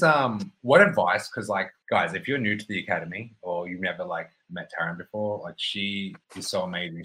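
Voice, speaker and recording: Deep-voiced upbeat male coach. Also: bright, forceful tone, low-quality recording. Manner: upbeat, rambling questions. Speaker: fitness coach, podcast host. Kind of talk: casual podcast interview.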